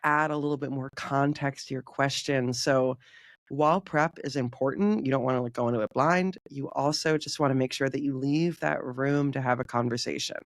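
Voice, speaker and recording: A man with a mid-range, steady voice speaks at normal speed in a clean studio with no echo. As a podcast guest and community manager, he answers interview questions chattily, saying "like" a lot and acting out remembered dialogue.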